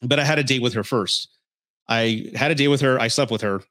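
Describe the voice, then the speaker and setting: A man's voice: mid-range voice, fairly quick, a bit bright. A man hosting a podcast, telling frank personal stories in a blunt, profane, casual way. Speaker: podcast host.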